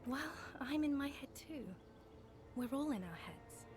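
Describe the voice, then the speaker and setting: An actress playing a serene, regal woman speaking calmly and softly to a former lover, in game audio with music underneath. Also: high-pitched, unhurried.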